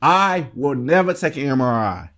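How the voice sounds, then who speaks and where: A man reviewing a movie in casual chat, excitable and rambling, with lots of swearing. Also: mid-range voice, normal speed.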